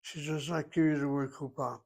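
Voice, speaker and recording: A man teaching a Hebrew class, explaining grammar in a deliberate, step-by-step way and sometimes thinking aloud. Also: fairly high pitch, fairly even intonation, darkish tone.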